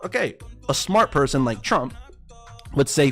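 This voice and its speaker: A man's voice: medium pitch, big pitch swings, a little slow, fairly bright tone, faint music behind. A man hosting a trading livestream, ranting heatedly and profanely and calling his viewers boys. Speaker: livestream host and forex trader. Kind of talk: casual livestream political rant.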